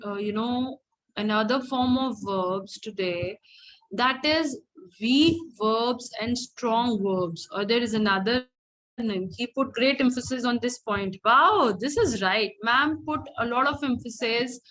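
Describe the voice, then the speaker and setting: A woman's voice: fairly high pitch, fairly bright tone, low-quality recording. Indian woman teaching English online. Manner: encouraging, mixes in Hindi phrases.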